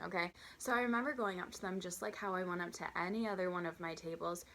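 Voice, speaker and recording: A woman in her twenties telling a storytime vlog, chatty and animated, acting out customers and her own waitress voice. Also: lowish voice, quick pace, few pauses, slight background noise. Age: 20s. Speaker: vlogger.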